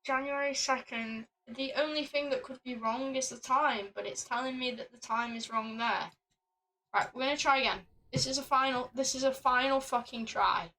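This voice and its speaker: On a rough recording with slight background noise, a young woman with a high, steady voice talks at normal speed while streaming a puzzle game. She reads the game text aloud, swears heavily out of frustration, and erupts into loud laughing rants during her casual live commentary.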